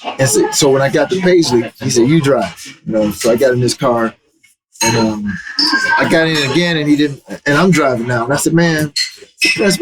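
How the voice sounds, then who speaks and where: A middle-aged man telling stories in a relaxed, animated way as an interview guest, with many "man" fillers. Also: mid-range voice, fairly quick, loud music behind the voice, low-quality recording. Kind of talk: casual storytelling.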